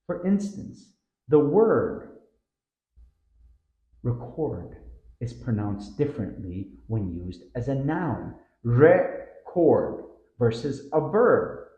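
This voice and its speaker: Narrating a scripted pronunciation lesson, a teacher with a warm, mid-range voice draws out model words slowly and stresses their syllables. The audio is dull and recorded in an echoey room.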